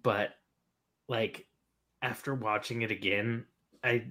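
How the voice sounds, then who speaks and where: A man co-hosting a movie review podcast, playfully defending his high rating and laughing as he talks. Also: steady tone, slow pace, bright, forceful tone. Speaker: podcast co-host. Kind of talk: casual movie review banter.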